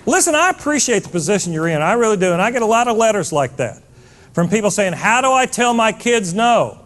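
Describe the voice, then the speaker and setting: A man's voice: high-pitched, big pitch swings, normal speed, pauses often, fairly bright tone. A man giving a blunt, fired-up motivational keynote to a live audience, scolding and hammering points with repetition.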